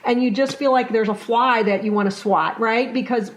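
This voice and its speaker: A middle-aged woman speaks in a slightly high voice, relaxed and conversational. She tells her stories with animation and slips into the voices of the people she quotes. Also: normal speed, poor audio. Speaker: workplace culture trainer and guest. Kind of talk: conversational storytelling.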